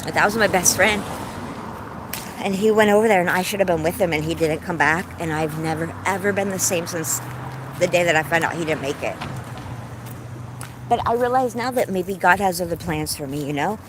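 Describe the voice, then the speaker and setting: A woman's voice: lowish voice, a little fast, background noise. A woman in her forties chatting on a livestream while out on a walk, effusive and heartfelt as she tells stories. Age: 40s. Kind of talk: casual livestream chat while walking. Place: outdoors on a walk.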